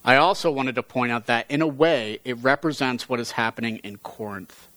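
A man reading a story aloud in a measured voice, then teaching on it earnestly. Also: mid-range voice, fairly bright tone, no echo.

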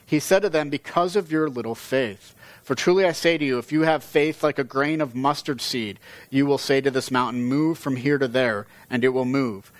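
A man teaching from the Bible, reading passages aloud at a measured pace and explaining them. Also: mid-range voice, no echo, rough recording. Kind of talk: reading scripture aloud with commentary.

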